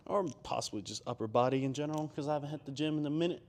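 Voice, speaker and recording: A man's voice: on the high side, rapid-fire, darkish tone. A young man chatting casually between gym sets, rambling with lots of fillers and self-deprecating asides. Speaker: gym vlogger.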